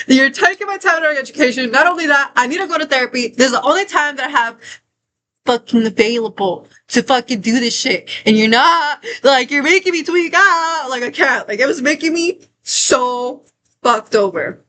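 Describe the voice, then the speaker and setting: A young woman vlogger tells a story in a heated, profane rant and circles back over the same phrases as she works herself up. Her voice sits a little high and rings bright and sharp. There is a faint hum of room ambience behind her. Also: brisk, low-quality recording. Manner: heated, profane, repetitive ranting.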